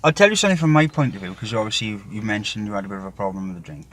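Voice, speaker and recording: A man hosting an interview, speaking in a friendly, supportive way as he asks gentle questions. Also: fairly low pitch, very animated, very fast. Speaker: interview host. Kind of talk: casual interview.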